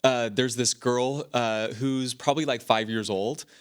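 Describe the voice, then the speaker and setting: A man in his thirties talks through personal stories on his own podcast. He rambles in a casual, animated way, restarting sentences and leaning on fillers, his pitch sitting right in the middle range for a man. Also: unhurried, clear, resonant tone. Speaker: podcast host. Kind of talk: casual talk.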